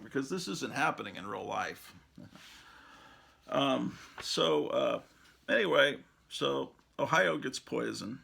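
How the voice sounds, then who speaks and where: A man with a heavily gravelly, husky voice talks off the cuff, wandering from point to point with lots of ums and uhs. His tone has a bright, forceful edge even as he loses his thread and starts sentences over. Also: medium pitch, slow pace, long pauses. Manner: meandering, many fillers and restarts, chuckling asides. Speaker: show host. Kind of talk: rambling casual monologue.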